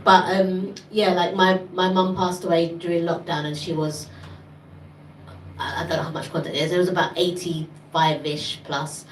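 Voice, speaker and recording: A woman's voice: on the low side, flat delivery, normal speed. A woman in her forties, a panelist telling her life story casually, with many fillers and laughs. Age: 40s. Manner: chatty, laughing, frequent fillers. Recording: roomy, distant mic with faint noise.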